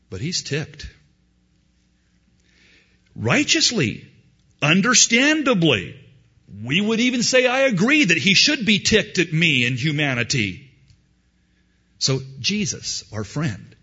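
A man preaching a sermon, swinging between loud emphasis and quiet asides. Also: a little high, husky. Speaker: pastor. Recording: dull lo-fi sound.

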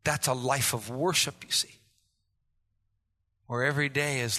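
A man preaching a sermon as a pastor, impassioned and rising to shouts. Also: medium pitch, level tone, normal speed, long pauses, big-room sound.

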